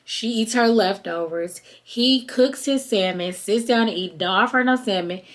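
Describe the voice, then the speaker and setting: A woman's voice: medium pitch, normal speed. A woman with hosts a podcast, recapping a reality show in a loose, chatty way. She keeps slipping into the voices of the people she describes. Her voice sits in a middle range. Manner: chatty and animated, acts out quoted people. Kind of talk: casual recap chat.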